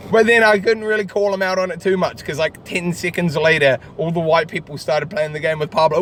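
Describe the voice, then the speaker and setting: A man's voice: fairly high pitch, fairly even intonation, normal speed. A tipsy man vlogging in a car, rambling and joking crudely with a friend. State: tipsy from drinking. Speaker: vlogger host. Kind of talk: rambling casual banter. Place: in a car in city traffic. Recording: loud street traffic noise.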